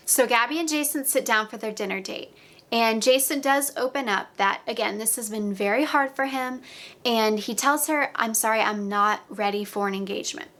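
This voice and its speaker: A woman's voice: fairly high pitch, fairly bright tone. A young woman hosting a casual reality-show recap, chatty and retelling scenes with quoted dialogue.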